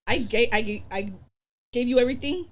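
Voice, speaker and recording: A young woman tells a personal story on a podcast in casual, rapid-fire chat. She curses freely and slips into the voices of the people she quotes. Her delivery is animated, and she talks at a brisk pace. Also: a little high. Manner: animated, profane, acts out quoted dialogue. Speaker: podcast guest.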